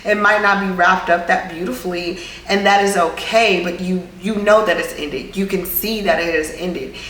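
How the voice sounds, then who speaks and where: A woman's voice: lowish voice, fairly even intonation, normal speed, fairly bright tone. A woman vlog host giving a casual, earnest motivational talk, often circling back to repeat her point. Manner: earnest, repetitive, reflective. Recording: roomy room with faint background hum.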